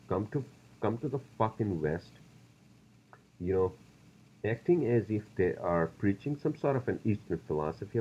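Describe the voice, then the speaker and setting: A man's voice: lowish voice, mellow, dull audio, slight background noise. A man hosting a solo podcast, talking bluntly and profanely in a loose, ranting way. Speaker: podcast host.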